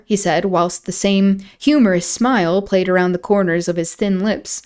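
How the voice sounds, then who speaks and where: Woman streamer, mid-pitch, reads a classic aloud with casual asides. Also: moderate pace, darkish tone, clean tone. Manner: conversational, chatty commentary between passages.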